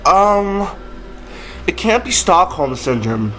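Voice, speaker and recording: A man's voice: medium pitch, animated, measured pace, fairly bright tone, poor audio. A young man giving casual gameplay commentary with joking, self-deprecating asides. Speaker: gaming video creator.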